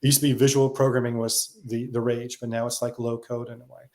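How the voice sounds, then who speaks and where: Man, interview guest, brisk talker, reflective, filler-heavy casual chat. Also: mid-range voice, flat delivery, darkish tone. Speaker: guest, software consultant.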